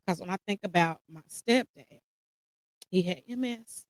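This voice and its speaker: A woman's voice: mid-range voice, measured pace, no echo, low-quality recording. Emotional woman sharing a personal story. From United States. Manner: emotional, holding back tears; casual, addresses listeners as y'all. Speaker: podcast host. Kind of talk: personal reflective monologue.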